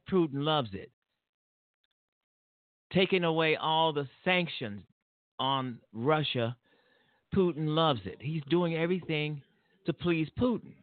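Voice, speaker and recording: A man's voice: a little high, dry recording, narrow, tinny audio. A man hosting his own political talk show, talking bluntly and profanely in a rambling monologue full of fillers and restarts. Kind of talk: casual political commentary monologue.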